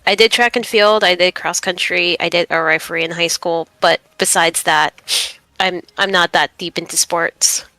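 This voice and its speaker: A woman's voice: on the low side, steady tone, moderate pace, bright, forceful tone, no room sound. A woman from Hawaii chatting casually on a stream, hesitant, with many fillers and giggles. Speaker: roleplay group member on a stream.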